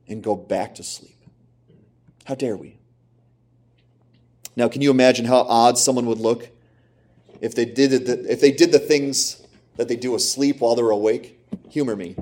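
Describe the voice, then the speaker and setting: A man's voice: medium pitch, darkish tone. A middle-aged man preaching a sermon, emphatic, repeating phrases and asking rhetorical questions. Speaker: pastor.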